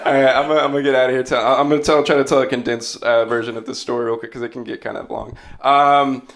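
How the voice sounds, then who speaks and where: A man's voice: mid-range voice, fairly even intonation, fast, gravelly, fairly bright tone. A young man from Humboldt, California, doing a rambling stand-up set on a club stage. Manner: rambling, full of restarts and "uh". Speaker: stand-up comedian. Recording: noisy live club recording.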